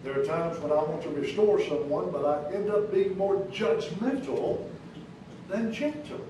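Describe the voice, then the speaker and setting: A pastor preaching a sermon in a church, speaking emphatically with rising questions and sudden soft drops, with an American accent. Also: male voice, fairly high pitch, measured pace. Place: church sanctuary. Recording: echoey church recorded from a distance, noisy.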